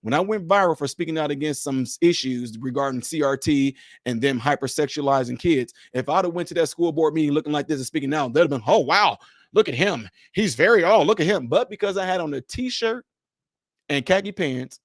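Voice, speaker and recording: A man's voice: a little high, a little fast, no echo, clean studio sound. A man hosting a casual livestream for viewers, speaking emphatically with a preacher-like delivery. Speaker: livestream host.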